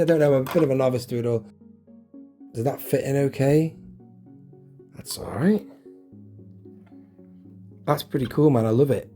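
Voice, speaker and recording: Middle-aged bloke unboxing toys at home, chatty and excited, bit of music faint behind him. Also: male voice, mid-range voice, moderate pace, pauses often. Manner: chatty, enthusiastic, talks to himself while unboxing. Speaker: collector vlogger. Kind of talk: casual unboxing chat. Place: home collection room.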